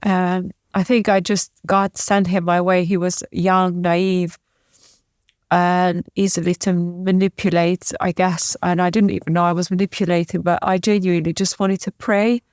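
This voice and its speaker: A woman's voice: lowish voice, flat delivery, darkish tone, dry recording. Tearful woman with a dry close sound. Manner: halting, emotional retelling with many restarts. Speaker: podcast guest. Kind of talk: emotional interview storytelling.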